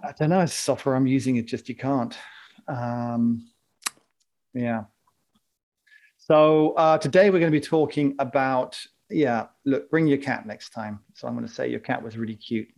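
A man's voice: mid-range voice, moderate pace, creaky, darkish tone. A man co-hosting a casual live podcast chat, joking and rambling and laughing often. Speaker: podcast co-host.

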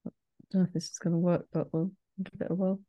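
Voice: medium pitch, level tone, fast, highs cut off. A podcast co-host chatting casually, with dry teasing remarks and casual swearing.

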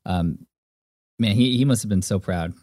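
A man hosting a podcast interview, openly supportive and quick to react to his guest. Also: fairly low pitch, darkish tone, no echo, studio quality. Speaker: podcast host. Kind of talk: interview conversation.

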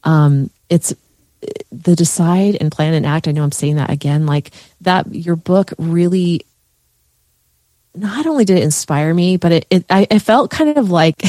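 A woman coach with a lowish, warm voice speaks as a guest on a podcast, talking heartfelt and emotionally with lots of fillers and restarts. The studio-quality audio has no echo.

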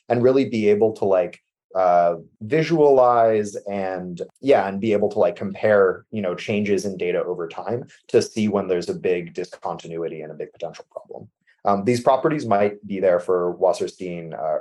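A man guest on a tech podcast, explaining machine learning practice in a casual, filler-heavy way over a remote call. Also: sits low. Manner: casual, many fillers like "like" and "you know", trails off softly at sentence ends. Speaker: MLOps architect guest. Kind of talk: conversational technical explanation.

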